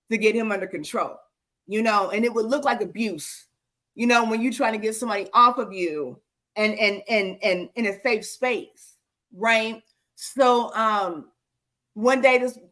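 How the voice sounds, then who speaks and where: A woman co-hosting a talk show on senior care, telling stories with exclamations, lots of fillers. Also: fairly high pitch. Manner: animated, exclaiming, with many fillers. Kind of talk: casual storytelling chat.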